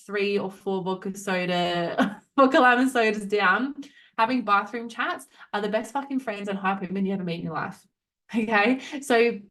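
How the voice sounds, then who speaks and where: A woman's voice: mid-range voice, fairly bright tone. A young adult woman hosting a solo motivational podcast, talking frankly and swearing freely as she acts out the voices in people's heads. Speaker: podcast host.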